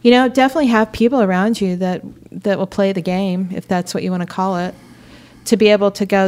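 A woman talks about faith in a lively, storytelling way, her pitch sitting in an ordinary middle range. She tells her stories with energy and laughter. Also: a little fast. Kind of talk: faith-based conversation.

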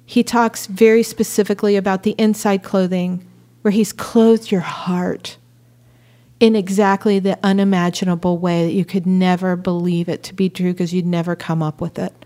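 A woman in a faith-based conversation, telling stories in an animated way and laughing as she talks. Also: on the low side, brisk, hardly any pauses.

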